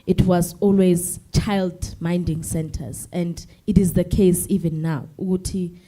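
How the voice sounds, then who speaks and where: A woman's voice: lowish voice, fairly even intonation, measured pace, warm tone. Hesitant teenage schoolgirl with Zulu roots. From South Africa. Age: teens. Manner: polite, hesitant, many ums. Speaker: student representative. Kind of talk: formal address to a forum.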